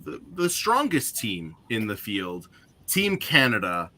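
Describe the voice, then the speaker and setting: A man's voice: fairly low pitch, very animated, slow pace, pushed and bright. A man hosting an online game show, upbeat and joking, with frequent fillers.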